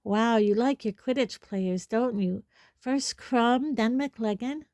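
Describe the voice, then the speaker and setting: A woman's voice: on the high side, slow pace, darkish tone, no echo, clean studio sound, pitched above the performer's own voice. Woman voicing Parvati, eager gossipy schoolgirl. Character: gossipy teenage schoolgirl, wide-eyed.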